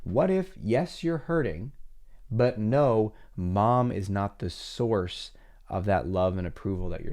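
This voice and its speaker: A middle-aged man hosting a therapy podcast, talking casually and acting out imagined conversations with family. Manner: conversational, acts out imagined dialogues with lively pitch jumps.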